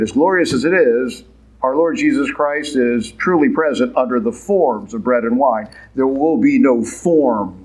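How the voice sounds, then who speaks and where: A man's voice: medium pitch, husky, poor audio. A man giving a sermon in a conversational, wry, emphatic way.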